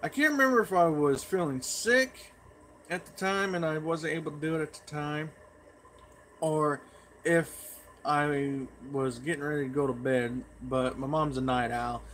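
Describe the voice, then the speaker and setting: A man's voice: fairly high pitch, measured pace, a bit bright, slight background noise. A man chatting in a folksy, rambling way as a pipe tobacco vlogger. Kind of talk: casual rambling vlog.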